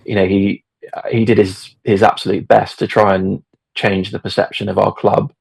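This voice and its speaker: A man's voice: fairly low pitch, level tone, moderate pace, vocal fry, a little mellow, husky, no echo. A middle-aged man telling a story as a podcast guest, hesitant, with many fillers and restarts. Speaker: podcast guest, football fan. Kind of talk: casual storytelling.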